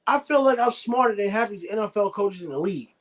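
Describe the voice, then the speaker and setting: Young guy w a high voice doing live game commentary, fired up and arguing w chat. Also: fast talker. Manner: excitable, argumentative, reads chat aloud. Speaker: streamer.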